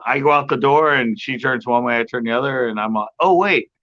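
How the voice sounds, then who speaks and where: A middle-aged man in casual storytelling on a podcast panel, rambling and animated as he acts out other people's lines. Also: mid-range voice, fast, no echo. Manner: rambling, animated retelling with quoted voices. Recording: muffled lo-fi audio with background noise.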